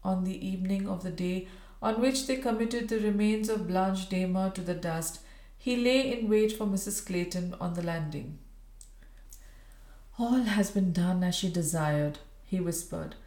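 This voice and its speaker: A woman's voice: fairly low pitch, steady tone, normal speed, darkish tone. Woman reading a Victorian story in a roomy space. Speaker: audiobook reader. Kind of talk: storybook narration. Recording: roomy echo.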